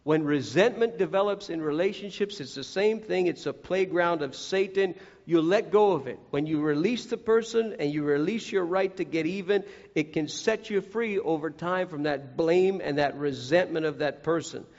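Man, preacher, high voice, earnest sermon, acts out quotes, dull lo-fi recording. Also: moderate pace, hardly any pauses, a little mellow. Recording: echoey hall, dull lo-fi sound.

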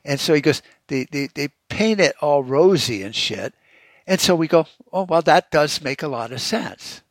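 A man's voice: a little high, lively intonation, moderate pace, no echo. Foul-mouthed man ranting. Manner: swears constantly, heated and sarcastic. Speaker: podcast host. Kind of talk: profane rant.

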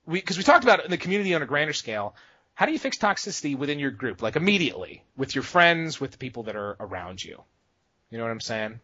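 A man's voice: mid-range voice, sing-song, quick pace, pushed and bright, husky, no room sound. A man co-hosting a casual podcast, talking emphatically and often adding "okay?" for emphasis. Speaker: podcast co-host. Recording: dull, lo-fi sound.

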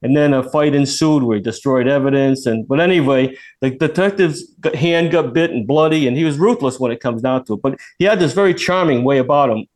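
A man's voice: mid-range voice, a little fast, few pauses. A man in later life, a retired federal agent, telling a long story as a guest on a radio show, acting out the voices of the people in it and often restarting his sentences. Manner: animated, acts out quoted voices, many restarts. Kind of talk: casual storytelling.

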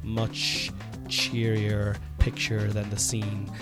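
A middle-aged Irish man hosting a podcast from home while sick, coughing now and then, rambling and swearing, with sudden loud bursts. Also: on the low side, completely flat delivery, extremely slow, over loud music. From Ireland. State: sick with covid, congested and coughing. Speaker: podcast host. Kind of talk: casual solo podcast monologue.

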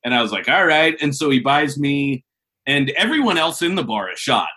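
Man, podcast co-host, casual animated storyteller, bright tone, lively pitch. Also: moderate pace.

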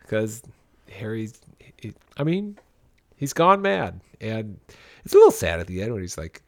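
A man co-hosting a casual podcast, recapping a story in an animated way and often laughing. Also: lowish voice, a little slow, creaky, long pauses, no echo, studio quality. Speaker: podcast co-host. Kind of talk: casual comic book podcast chat.

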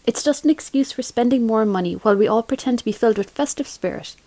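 A woman's voice: a little high, fast talker, warm tone, no room sound, lightly acted. A woman reading aloud as a harried, overworked woman who is short-tempered about Christmas. She talks in curt, sarcastic bursts, and the voice is close and dry with no room sound. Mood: irritated. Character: stressed, snappish woman juggling work and Christmas.

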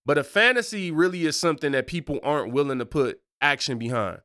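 A man's voice: fairly high pitch, fast talker, sharp tone, no room sound, studio quality. A married man hosting a casual faith podcast, talking in a loose, slangy way and wandering off on tangents. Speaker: podcast host.

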